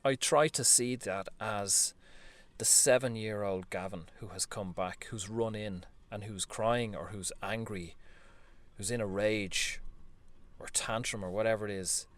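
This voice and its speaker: A man talking earnestly in a reflective spiritual monologue, gently coaching the listener and laughing softly now and then. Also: lowish voice, steady tone, measured pace. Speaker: spiritual vlogger.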